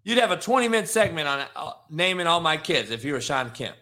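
A man hosting a sports podcast, ranting in a profane, animated, casual way. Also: on the high side, brisk. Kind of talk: casual chat.

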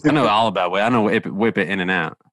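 A man's voice: lowish voice, fairly bright tone, no echo. A man co-hosting a podcast, joking sarcastically and reading out news. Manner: sarcastic, quick jokes, acts out quotes. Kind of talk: casual podcast banter.

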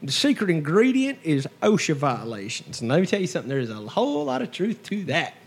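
Lively laughing man in casual chat. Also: on the high side, brisk, creaky, breathy edge. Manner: jokey, laughs often, animated storytelling. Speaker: podcast co-host.

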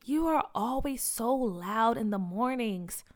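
A woman's voice: fairly high pitch, big pitch swings, normal speed, fairly bright tone. Woman voicing Peach, a grumbly schoolgirl.

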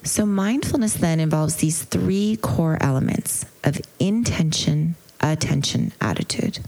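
A woman giving a retreat lecture on mindfulness as its teacher, telling a story in an earnest, reflective way with gentle hesitations. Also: sits low, expressive, measured pace, gravelly.

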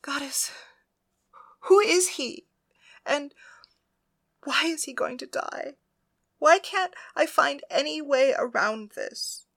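A young priestess, loving and anxious, speaks in a bright, clear tone, as a woman reads her lines. The delivery is earnest and heartfelt, in the manner of a storybook audiobook. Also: medium pitch, normal speed, natural voice. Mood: distressed. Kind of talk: audiobook dialogue reading.

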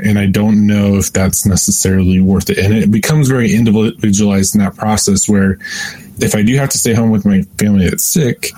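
Male co-host, low warm voice, earnest. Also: low-quality recording. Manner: earnest, with restarts. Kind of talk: casual podcast discussion.

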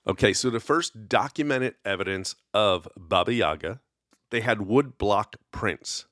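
A man's voice: lowish voice, measured pace, fairly bright tone, no room sound, clean studio sound. A man hosting a casual solo podcast, telling folklore in a rambling, conversational way with lots of fillers. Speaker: podcast host.

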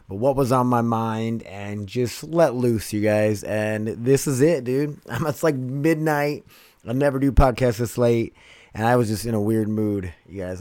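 A man's voice: medium pitch, a little mellow, no echo. A man hosting a casual late-night podcast monologue, rambling loosely and calling out to his listeners as he goes. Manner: rambling, loose, keeps saying "you guys" and "dude". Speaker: podcast host.

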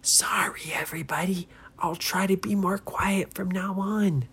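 A woman voicing a clumsy young boy who apologizes in a soft whisper. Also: fairly low pitch, steady tone, a little slow, husky, pitched above the performer's own voice, full character voice. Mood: sheepish whisper.

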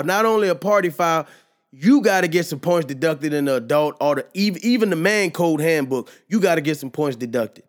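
A young man hosting a casual solo podcast, loose and joking, sometimes getting loud and animated. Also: high voice, normal speed. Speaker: podcast host.

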